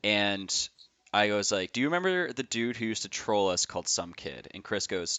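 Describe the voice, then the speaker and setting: A man hosting a podcast interview, enthusiastic and quick to laugh as he retells conversations. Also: low voice, lively intonation, fairly bright tone, no room sound. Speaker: podcast host.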